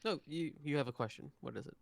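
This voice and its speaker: A man narrating a tabletop game as game master, hesitant with many pauses and restarts. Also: a little high, vocal fry.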